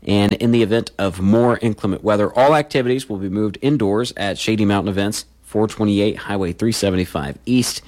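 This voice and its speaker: Casting: male morning radio DJ, folksy and chatty, lower voice. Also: a little fast, few pauses, a little mellow. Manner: chatty, folksy, reads community notices. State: has the hiccups. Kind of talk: casual radio announcements.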